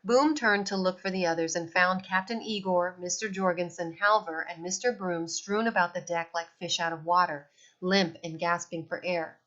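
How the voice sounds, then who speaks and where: A woman reads a children's novel aloud with an expressive storytelling voice, pitched on the low side and at a normal speed. The recording sounds slightly dull.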